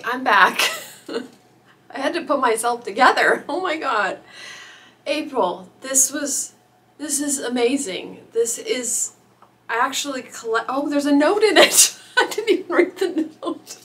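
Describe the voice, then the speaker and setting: A young adult woman vlogging, emotional and gushing, with halting restarts. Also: high voice, animated, a bit bright, a little hiss or hum. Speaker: author vlogger. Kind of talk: casual vlog chat.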